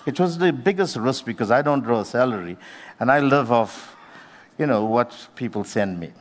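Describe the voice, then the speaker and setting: A man preaching a sermon, earnest and unhurried, leaning on slow emphatic phrases. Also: mid-range voice, expressive, long reverb tail.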